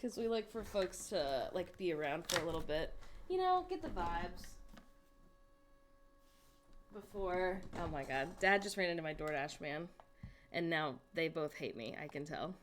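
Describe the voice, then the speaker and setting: A woman with a fairly low voice and lively intonation hosts a relaxed livestream from home, speaking unhurriedly over slight background noise. She's chatty, greeting and answering chat viewers while muttering to herself as she works on screen.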